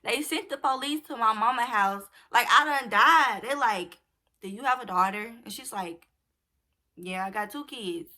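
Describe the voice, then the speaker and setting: A young woman casually telling a personal story to her viewers, animated and acting out the dialogue. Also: a little high, moderate pace. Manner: animated, acts out quoted dialogue.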